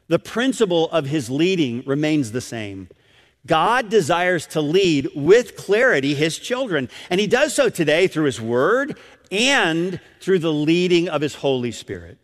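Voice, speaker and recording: Animated preacher man in a reverberant hall. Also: a little high, measured pace. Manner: animated storytelling, acts out voices. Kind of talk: sermon.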